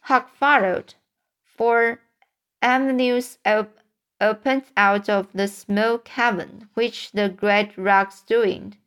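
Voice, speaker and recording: Slow, halting woman reading a storybook. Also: mid-range voice, fairly even intonation, fairly bright tone, clear, resonant tone. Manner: halting, frequent stumbles and restarts. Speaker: audiobook reader. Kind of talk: storybook read-aloud.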